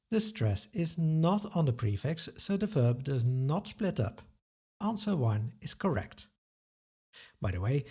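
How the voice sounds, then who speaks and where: Slow, husky male language teacher. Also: a little high, darkish tone. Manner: methodical, explains step by step; carefully sounds out example words. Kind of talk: webinar grammar lesson.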